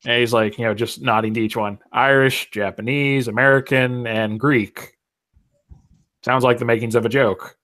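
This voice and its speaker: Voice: medium pitch, normal speed. A tabletop game player chatting casually and rambling a little as they describe their character's actions. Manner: relaxed, rambling, with fillers and restarts. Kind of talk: casual role-play chat.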